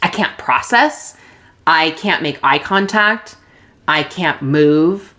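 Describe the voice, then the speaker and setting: A woman's voice: low-pitched, animated, takes it slowly. Woman telling a raw personal story. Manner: vulnerable, emotional, with restarts and soft laughs. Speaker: podcast host.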